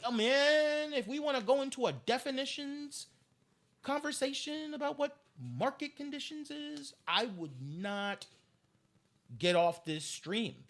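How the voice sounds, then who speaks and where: A man's voice: high voice, a bit bright. A man ranting on a live stream, heated and profane, repeating himself as he vents.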